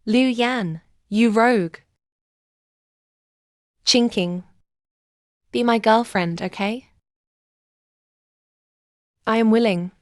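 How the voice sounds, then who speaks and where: A woman dubbing dialogue for a young heroine in a short romance drama, speaking in a slow, measured way with plain, even phrasing. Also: fairly high pitch, no room sound, studio quality.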